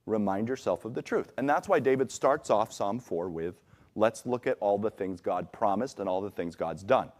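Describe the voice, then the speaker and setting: A man's voice: on the low side, animated, moderate pace. A man preaching a conversational sermon in a church, acting out the voices he quotes. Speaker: pastor. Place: church sanctuary.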